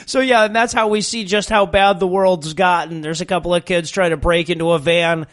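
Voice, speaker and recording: Male co-host, fairly high voice, plot recap with swearing. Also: steady tone, a little fast, fairly bright tone. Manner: recaps the plot with profane asides. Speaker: podcast co-host.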